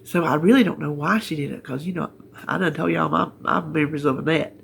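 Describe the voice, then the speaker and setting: A woman's voice: sits low, quick pace, gravelly, slight background noise. A middle-aged woman with a Southern US accent, chatting casually in her living room in a rambling, homespun way on a health update vlog. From North Carolina, US. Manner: rambling, homespun, laughs easily. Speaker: vlogger. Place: living room at home, sitting in her chair.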